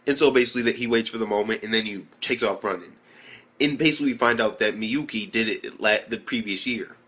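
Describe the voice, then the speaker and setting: A man's voice: lowish voice, fast, pushed and bright. A young man casually reviewing an anime episode, rambling loosely with lots of fillers and swearing.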